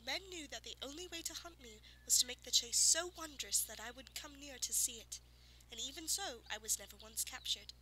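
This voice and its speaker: A woman's voice: a little fast, pushed and bright, a little hiss or hum, low-quality recording. A woman doing a proud, ageless unicorn. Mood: musing. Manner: regal, musing, turns shrill when insulted. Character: proud, ancient female unicorn, lonely and searching.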